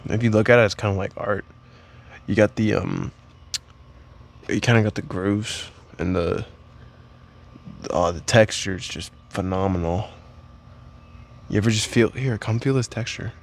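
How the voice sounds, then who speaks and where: A young man talks straight to the camera in a crude, joking vlog. His voice sits a little low, and he rambles through fillers and tangents. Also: fairly even intonation, measured pace, gravelly, pauses often. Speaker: vlogger. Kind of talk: casual comedic vlog.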